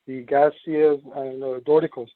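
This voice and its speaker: A man calling in as a longtime listener, excited and a bit hesitant. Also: medium pitch, unhurried. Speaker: caller. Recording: phone line.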